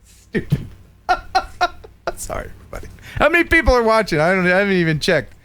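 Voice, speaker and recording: A middle-aged man hosting a live stream, telling stories in a joking, animated way. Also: high voice, a little fast, smooth. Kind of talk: casual live-stream chat.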